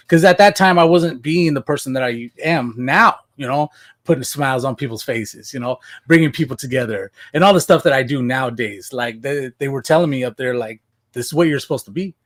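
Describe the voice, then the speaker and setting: A man's voice: mid-range voice, moderate pace. Podcast guest, male, from Washington State, casual storyteller who acts out his own lines. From Washington State, USA.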